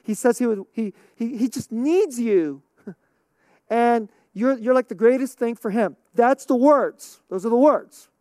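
Woman pastor preaching casual, laughs a lot, keeps asking okay?, bit high voice, dry sound. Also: measured pace, mellow, dry recording. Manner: conversational, laughs often, repeats "okay?". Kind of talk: sermon.

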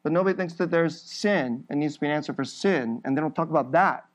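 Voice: medium pitch, fast. A preacher giving an emphatic sermon, building through repeated phrases and laughing briefly between points.

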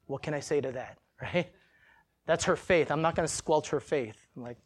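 A male pastor preaching in a church, telling a personal story in a casual, animated way and acting out the quotes. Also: on the high side, moderate pace.

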